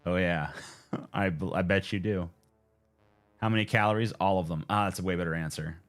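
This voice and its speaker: A man's voice: low voice, fairly even intonation, normal speed, faint music behind. A man in his twenties chatting casually on a live stream, joking and swearing as he answers viewers. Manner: joking, profane, laid-back.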